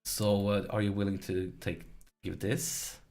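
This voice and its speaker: Excitable gravelly man narrating his gameplay. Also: deep voice, unhurried. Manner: excitable, pleading and groaning at the game. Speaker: let's play host. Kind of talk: strategy game commentary.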